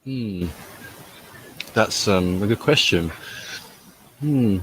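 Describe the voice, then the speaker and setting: A man listening in as a guest on a live stream, hesitant, humming and pausing. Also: on the low side, expressive, a bit bright, slight background noise, low-quality recording. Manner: hesitant, with long hums and pauses.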